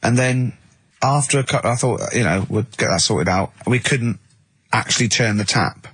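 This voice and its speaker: A man co-hosting a radio show, telling lively anecdotes in casual banter and mimicking the people he quotes. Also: medium pitch, normal speed, breathy edge, no echo. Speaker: radio co-host. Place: radio studio.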